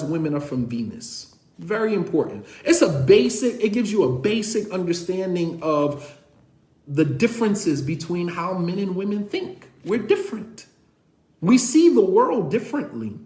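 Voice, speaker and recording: Male lecturer, high voice, direct and sarcastic, conversational, echoey room. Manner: direct, keeps asking "you understand?"; animated, sarcastic storytelling with laughs. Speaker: lecturer on marriage.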